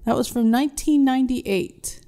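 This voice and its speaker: A woman's voice: high-pitched, normal speed, mellow. A woman co-hosting a casual podcast, chatty, sometimes reading out facts. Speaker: podcast co-host. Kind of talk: casual chat.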